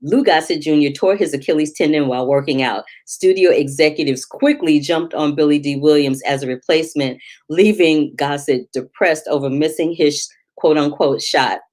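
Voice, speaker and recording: Low-voiced chatty woman film critic. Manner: chatty and animated, quick asides and laughter. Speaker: film critic and show host. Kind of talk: casual movie review vlog.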